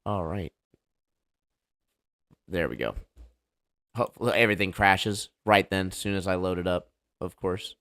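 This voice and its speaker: A man's voice: deep voice, normal speed, pauses often, fairly bright tone. A man hosting a casual livestream debate show, talking loosely and joking as he sets things up. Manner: loose, joking, hype-style banter.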